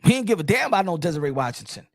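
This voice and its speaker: A man's voice: high-pitched, sing-song, very fast, dry recording, clean studio sound. A man hosting a boxing podcast in a casual, blunt and profane rant, often repeating words as he restarts his thoughts.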